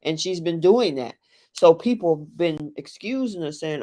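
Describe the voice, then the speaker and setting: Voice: medium pitch, normal speed. Opinionated reality-TV recap host. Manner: animated and opinionated, acts out what cast members said; reacts to viewers in the chat mid-talk. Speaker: live stream host. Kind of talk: casual reality-TV recap on a live chat stream.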